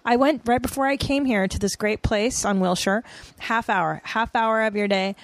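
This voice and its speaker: A woman's voice: fairly high pitch, moderate pace, no room sound. Blunt woman comedian guest. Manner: direct, pushy, swears casually. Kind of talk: casual chat.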